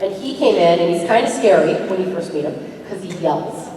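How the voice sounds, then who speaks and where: A woman from Canada telling stories on a convention panel in a casual, lively way, laughing often. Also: fairly low pitch, a little fast. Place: large convention hall. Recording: echoey hall from far off, crowd noise.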